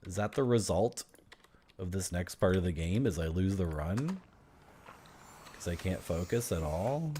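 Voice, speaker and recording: A man's voice: sits low, animated, measured pace, long pauses, dark tone, a little hiss or hum. Rambling, chatty man in his thirties. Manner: rambling, chatty, laughs often, talks to himself. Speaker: game streamer. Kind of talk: casual gameplay commentary.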